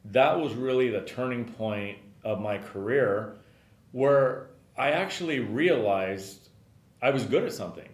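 A man's voice: medium pitch, animated, a little slow. A middle-aged man hosting a podcast, telling a story casually and rambling with lots of filler words. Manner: rambling, frequent "you know" fillers. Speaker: podcast host and business owner. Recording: roomy echo.

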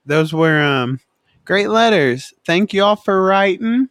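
A man's voice: high voice, lively intonation, takes it slowly, a bit bright, no room sound. A man hosting a loose podcast chat, laughing often and steering the show along. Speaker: podcast host. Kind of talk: casual chat.

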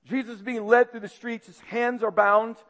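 A high-voiced preacher tells a dramatic story, swinging between loud bursts and hushed passages. A long echo trails his words, as in a big hall. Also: level tone, normal speed.

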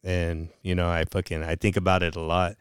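A man's voice: low voice, level tone, brisk, clear, resonant tone, dry recording, studio quality. A man co-hosting a casual chat, telling a confessional story with lots of swearing.

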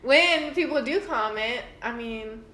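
Bright-voiced tipsy woman podcaster. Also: on the high side, unhurried, reverberant. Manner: laughing, swearing, loose and tipsy. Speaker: podcast co-host. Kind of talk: casual true-crime podcast chat.

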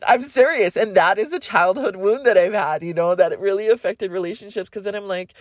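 A woman hosts a podcast, chatting casually about astrology in a rambling, frank way, swearing freely and laughing often, with a light Hawaiian accent. Her voice is medium-pitched and animated at normal speed, recorded in a clean studio with no room sound.

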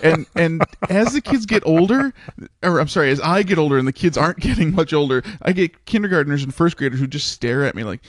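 A man's voice: on the high side, expressive, dry recording, clean studio sound. Chatty laughing male podcast host. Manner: chatty, laughs often, quick bursts. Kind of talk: casual chat.

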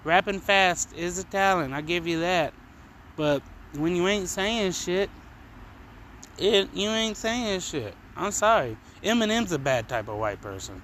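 A man's voice: high-pitched, animated, measured pace, fairly bright tone, a little hiss or hum. A man hosting his own podcast from home, ranting casually with heavy swearing and mocking asides. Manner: profane, heated ranting, mocking. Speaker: podcast host. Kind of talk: casual solo rant. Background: cars passing outside.

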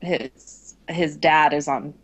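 A woman's voice: sits low, steady tone, slow pace. A woman co-hosting a podcast in casual chat, chatty and enthusiastic as a fan. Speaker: podcast co-host.

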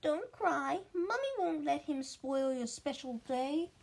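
Woman putting on a shrill snappish aunt. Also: animated, takes it slowly, vocal fry, a little mellow, full character voice. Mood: coaxing. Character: shrill fussy middle-aged aunt, snappish.

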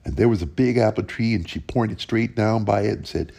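Gravelly man telling a folk tale. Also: lowish voice. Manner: plain, unhurried folksy telling with lively rises. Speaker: storyteller.

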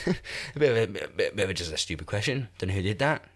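Podcast host, twenties, stuffed-up nasal cold voice, low-pitched, loose self-mocking ramble. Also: male voice, sing-song, quick pace. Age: 20s. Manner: rambling, self-deprecating, laughs often. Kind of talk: casual chat. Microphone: new podcast microphone.

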